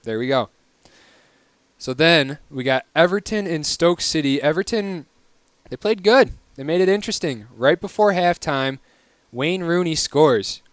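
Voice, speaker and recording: Wry, smooth-voiced man recapping soccer. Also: on the high side, lively intonation, moderate pace, no room sound. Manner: chatty, wry, opinionated. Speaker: podcast host. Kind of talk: casual solo soccer recap.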